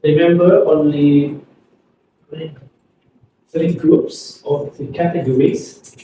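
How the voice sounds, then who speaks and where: A man with an Indonesian accent, teaching an English pronunciation lesson and repeating words slowly for students to copy. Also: a little high, fairly even intonation, dark tone, slight background noise. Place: classroom. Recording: echoey room, far from the mic.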